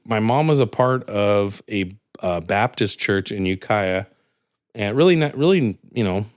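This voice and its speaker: A young man from California, a podcast guest, telling a long joke and personal stories in casual chat, his voice leaping up when he quotes characters. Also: clean tone. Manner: animated, jumps high for quoted characters.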